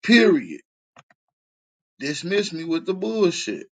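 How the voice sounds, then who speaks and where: A man's voice: mid-range voice, steady tone, moderate pace, a bit bright. A man hosting a live stream, commenting bluntly and with lots of profanity.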